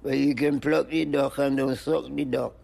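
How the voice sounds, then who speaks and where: Older guy, super gravelly creaky voice, chants rhymes in a sing-song flow. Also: mid-range voice, level tone, normal speed, a little mellow. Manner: rhythmic, sing-song chanting with animal noises and laughs. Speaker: interviewee, music pioneer. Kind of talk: free-flowing chanted poetry and wordplay.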